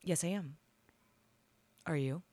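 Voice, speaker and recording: Bold young warlord heroine, played by a woman in a casual, unhurried voice. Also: low voice, warm tone, dry recording. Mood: bargaining. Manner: casual, laughing easily.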